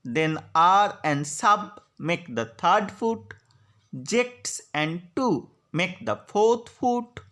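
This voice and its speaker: A woman giving a slide lecture on poetry, slowly spelling out syllables and stresses. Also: lowish voice, lively intonation, a bit bright. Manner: slow, deliberate, spelling out syllables. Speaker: literature lecturer.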